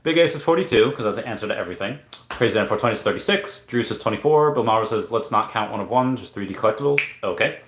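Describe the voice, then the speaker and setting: A man's voice: on the low side, animated, quick pace, fairly bright tone. A man hosting a casual livestream giveaway, playfully reading viewer comments aloud and now and then breaking into silly singing. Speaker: livestream host running a chat giveaway. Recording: echoey room.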